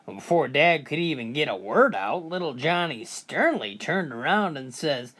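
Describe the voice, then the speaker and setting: A woman narrating a countdown of jokes in an animated storytelling manner. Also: deep voice, moderate pace, hardly any pauses. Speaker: joke narrator. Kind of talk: scripted joke telling.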